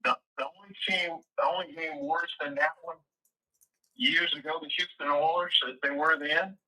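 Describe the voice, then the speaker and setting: A man's voice: a little high, fairly even intonation, moderate pace, bright, forceful tone, poor audio. A man, hosting a casual sports chat and rambling through stories with many restarts. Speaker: podcast host.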